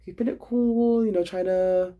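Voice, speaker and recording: A young man, a student, retelling his day in a casual vlog, animated and dramatic, swearing freely. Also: high-pitched, normal speed, narrow, tinny audio.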